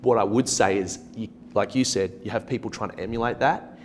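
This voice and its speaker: Guest, Australian male, lower voice, loose self-mocking anecdotes, faint room hum behind. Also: brisk, a little mellow. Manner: self-deprecating, jokey storyteller with many restarts. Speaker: real estate agency principal, guest. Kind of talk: casual podcast conversation.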